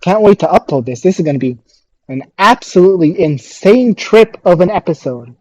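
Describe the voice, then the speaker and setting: A woman's voice: lively intonation, moderate pace, dark tone, husky, no echo, muffled recording. A woman making a solo reaction video, incredulous and exasperated, stammering and repeating herself in disbelief. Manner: stammering restarts, sudden high squeaks. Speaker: video creator reacting to a competitive battle.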